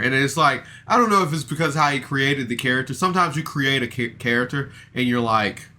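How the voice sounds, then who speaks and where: Bright-voiced man recapping casually. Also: medium pitch, expressive, moderate pace, slight background noise. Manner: rambling, self-deprecating, heavy fillers. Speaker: podcast reviewer.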